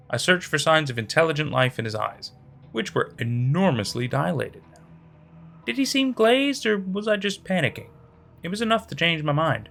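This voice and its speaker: A man narrating a horror story with a bright, gravelly voice that rises and falls expressively. The reading is dramatic, with faint music playing under it. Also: fairly high pitch, very animated, moderate pace.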